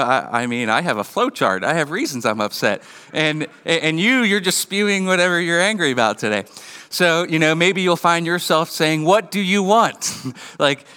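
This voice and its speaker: A man in his thirties preaches in a relaxed, joking way, slipping into little acted-out scenes. His voice is bright and crisp, a touch high for a man. It rings with a long reverb, as in a church hall. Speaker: pastor. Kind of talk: sermon.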